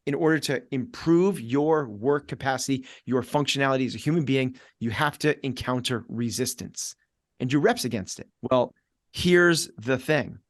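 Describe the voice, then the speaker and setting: A middle-aged man talks as a fitness coach on a podcast, hammering points home in short, repeated beats. He slips into quick acted-out asides. His voice sits at an ordinary pitch for a man, and the recording is close and dry with no room echo. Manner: energetic, acts out inner voices in quoted asides; repetitive, punchy coaching delivery. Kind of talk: podcast conversation.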